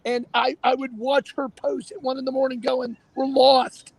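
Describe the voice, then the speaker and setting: A man hosting a casual talk show, animated and emphatic, often repeating himself. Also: extremely high pitch, normal speed, a little hiss or hum. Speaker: show host.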